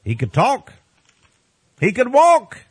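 A man's voice: very high-pitched, wildly swooping pitch, slow pace, slightly rough, dry recording. A man speaking as a radio preacher, giving folksy preaching commentary on the news with exclamations, chuckling asides and frequent calls to his "friends.".

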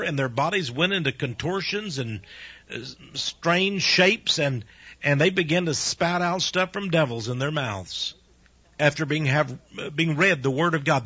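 An older man preaching a chatty radio sermon, laughing often and telling stories with animated ups and downs. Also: fairly high pitch, slightly rough, no room sound. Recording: dull, lo-fi dry radio recording.

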